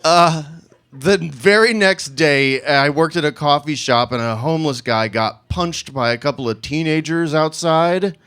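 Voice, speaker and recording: A man's voice: fairly high pitch, measured pace, a bit bright, clean tone. A man in his thirties telling a comic personal story to a live audience, laughing through his lines as he mocks himself.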